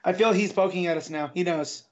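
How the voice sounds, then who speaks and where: A man's voice: sits high, fairly quick. A man chatting on a comic book podcast, dropping wry, sarcastic quips. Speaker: podcast co-host. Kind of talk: casual comic book review chat. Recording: dull lo-fi audio.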